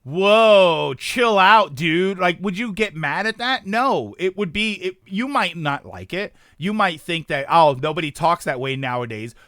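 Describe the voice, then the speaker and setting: A man in his thirties talking casually on a stream, rambling and animated, reacting to chat. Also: sits high, no echo, clean studio sound.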